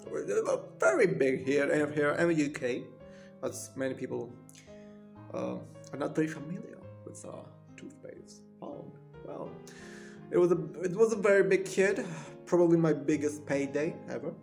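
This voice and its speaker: A man's voice: a little high, moderate pace, gravelly, darkish tone, faint music behind. A man playing a pompous, rambling stage actor with a British accent, in a comedic mock interview monologue. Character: pompous washed-up male stage actor, middle-aged. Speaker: fictional actor being interviewed.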